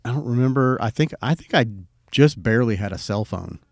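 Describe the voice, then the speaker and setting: A man's voice: mid-range voice, lively intonation, a little fast, vocal fry, darkish tone, dry recording. A middle-aged man co-hosting a podcast, telling a personal story in a laid-back, rambling way and swearing freely. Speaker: podcast co-host. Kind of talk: casual storytelling chat.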